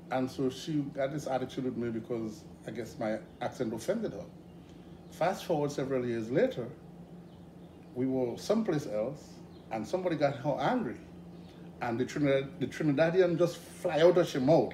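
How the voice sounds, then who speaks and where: A middle-aged man from Grenada with a Grenadian accent, guesting in a casual interview, telling stories in an animated way with frequent laughs. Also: medium pitch, moderate pace. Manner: animated, hesitant with fillers, laughs often. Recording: echoey room with background noise.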